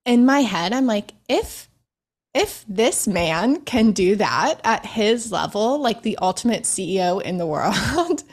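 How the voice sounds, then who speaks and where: A young adult woman speaking as a guest in an interview, earnest and reflective, with soft laughs and filler words. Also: medium pitch, lively intonation, measured pace. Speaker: podcast guest. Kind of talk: heartfelt interview conversation.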